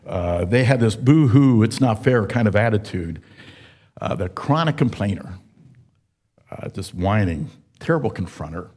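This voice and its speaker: A man in his seventies preaching a sermon, telling folksy stories with frequent pauses and fillers. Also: lowish voice, lively intonation, a little mellow, breathy edge. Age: 70s. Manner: folksy storytelling, with many uh fillers. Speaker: pastor.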